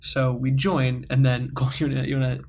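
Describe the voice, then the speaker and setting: A man's voice: mid-range voice, little pitch movement, brisk, creaky, darkish tone, a little hiss or hum. A teenage man co-hosting a podcast, telling a story in a rambling way with many fillers. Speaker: podcast co-host. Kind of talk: casual storytelling chat.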